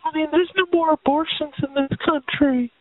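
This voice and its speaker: Sassy high-voiced woman on a phone line. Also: fairly even intonation, normal speed, no echo. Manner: sassy, drawling, unbothered, calls everyone honey. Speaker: chat line caller. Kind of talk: heated phone argument. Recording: dry tinny phone line.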